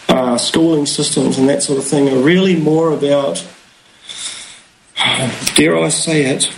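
A man's voice: on the high side, slight background noise, poor audio. A man, a guest talking in a rambling, philosophical way with many fillers. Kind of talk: casual conversation.

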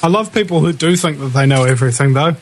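A man's voice: a little high, quick pace. A man hosting a talk show, speaking emphatically with many hesitations. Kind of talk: casual conversation.

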